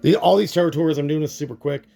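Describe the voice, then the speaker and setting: A man's voice: a little high, very fast, creaky, dark tone, faint music behind. A man narrating his own board game play-through, thinking aloud and reacting to dice rolls.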